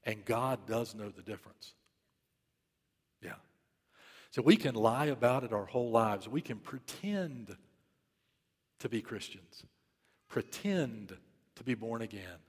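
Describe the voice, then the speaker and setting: A man's voice: mid-range voice, expressive, takes it slowly, long pauses, breathy edge, big-room sound. A man preaching a sermon, telling a story in an urgent, emphatic way and repeating key phrases. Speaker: pastor.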